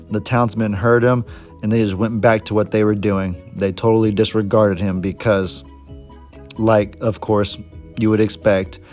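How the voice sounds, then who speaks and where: A man's voice: fairly low pitch, darkish tone. A man who is a farmer vlogger, telling a story in a chatty, folksy way with frequent self-corrections. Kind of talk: casual storytelling vlog.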